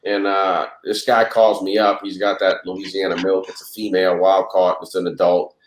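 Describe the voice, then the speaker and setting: A man's voice: low voice, level tone, moderate pace. A man and reptile breeder, a guest on the show, telling a rambling, casual story and acting out the dialogue. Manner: rambling, acts out dialogue in anecdotes. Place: lives in Louisiana. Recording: roomy echo.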